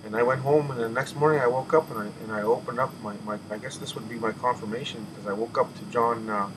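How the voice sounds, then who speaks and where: Halting, earnest man over background noise. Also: medium pitch, fairly even intonation. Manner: halting, with many restarts and repeated words; earnest and emotional, sighing and catching his breath. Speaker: person telling a spiritual testimony. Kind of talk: personal spoken testimony.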